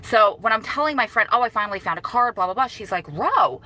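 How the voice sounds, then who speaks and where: A woman's voice: fairly high pitch, fast, bright, forceful tone, low-quality recording. A woman vlogger talking casually to her viewers, emotional and holding back tears, rambling and apologizing as she goes. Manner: rambling and apologetic, many restarts. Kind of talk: casual talk to camera.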